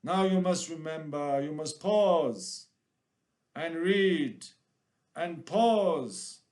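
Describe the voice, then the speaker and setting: A man putting on a mock Jamaican accent, drawing his words out slowly and playfully. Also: on the high side, animated, a little mellow.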